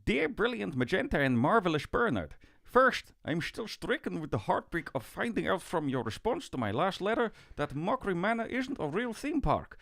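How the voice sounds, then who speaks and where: A man's voice: sits high, sing-song, moderate pace, gravelly, a bit bright, no room sound, clean studio sound, voice pushed up, full character voice. A man reading a letter aloud in a put-on Dutch accent. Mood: earnest.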